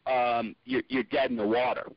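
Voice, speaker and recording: A man's voice: mid-range voice, little pitch movement, normal speed, no room sound, highs cut off. A man, a stand-up comedian, talking casually on a podcast, rambling with many restarts.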